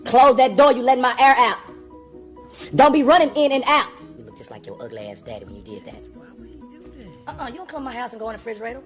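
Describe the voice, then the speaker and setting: A woman's voice: fairly high pitch, very animated, fast. A woman playing a strict, bossy mother firing off scolding one-liners at her kids, over background music.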